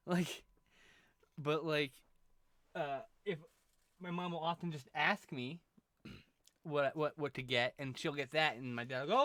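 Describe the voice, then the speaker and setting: A man's voice: a little high, a little slow, long pauses, fairly bright tone, no room sound, clean studio sound. A man chatting casually on a live art stream, rambling, restarting sentences and swearing offhand. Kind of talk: casual chat while drawing on stream.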